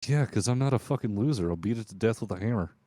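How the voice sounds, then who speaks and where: A man's voice: lowish voice, animated, fast, mellow, dry recording, studio quality. A man heckling his friends in casual chat, sarcastic and crude.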